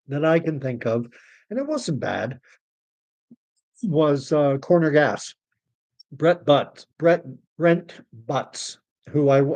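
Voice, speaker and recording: A man's voice: fairly high pitch, darkish tone. Rambling middle-aged Canadian man. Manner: rambling, with sarcastic mock quotes. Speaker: livestream host. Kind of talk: casual livestream monologue.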